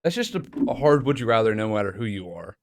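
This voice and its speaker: A man's voice: lowish voice, very animated, fast talker. A man co-hosting a casual podcast, talking bluntly and swearing freely. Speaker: podcast co-host. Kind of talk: casual chat.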